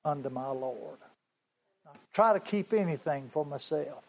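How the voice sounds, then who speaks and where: A male preacher tells a story from the pulpit at a very unhurried pace. His voice sits a little high for a man. He is earnest and often circles back to repeat a phrase. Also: a little mellow, low-quality recording. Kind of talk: sermon storytelling.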